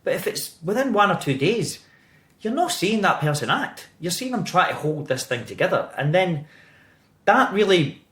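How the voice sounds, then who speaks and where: A Scottish actor in his thirties chatting as a podcast guest, animated and swearing freely as he tells stories. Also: sits high, normal speed, reverberant. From Scotland. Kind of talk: casual interview chat.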